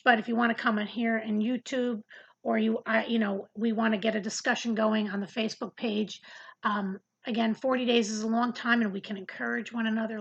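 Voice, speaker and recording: In dull audio, a woman with a slightly high, somewhat bright voice and a breathy edge talks through an earnest, informal Bible study to camera. She chats conversationally, often repeating words as she reaches for her next point.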